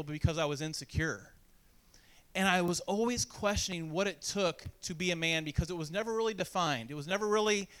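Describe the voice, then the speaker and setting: A man's voice: sits high, fairly bright tone, smooth. A man from Indiana preaching a sermon, telling a self-deprecating childhood story and acting out the voices of the people in it. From Indiana, USA. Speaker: pastor.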